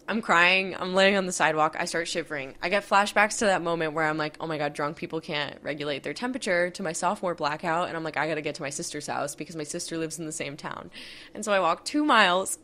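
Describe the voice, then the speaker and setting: Podcast host, woman in her 20s, low voice, chatty and rambling, laughs through her own story. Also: quick pace, pushed and bright. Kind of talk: casual storytime.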